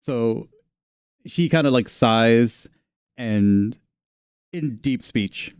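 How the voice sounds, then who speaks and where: A man's voice: mid-range voice, very slow, darkish tone, clear, resonant tone, no echo, studio quality. A man narrating a tabletop game as game master, in a casual style with many "kinda" and "like" fillers.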